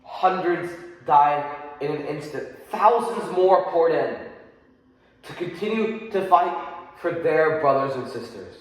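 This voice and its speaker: A man's voice: fairly high pitch, expressive. Impassioned man in an echoing hall. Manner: impassioned, angry, emphatic pauses. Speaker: oral interpretation student. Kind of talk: dramatic recitation of a speech. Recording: echoey hall with long reverb.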